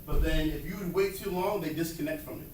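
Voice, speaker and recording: Fast-talking man in an echoey hall. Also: fairly high pitch. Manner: fast, animated, acts out quotes. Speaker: speaker at a workshop on students with ADHD. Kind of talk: live talk to educators. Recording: echoey room from far off, noisy.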